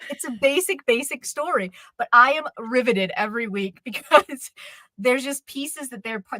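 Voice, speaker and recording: A woman co-hosting a casual chat about dramas, talking in an animated, gushing way with quick asides. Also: fairly high pitch, dry recording. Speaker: co-host.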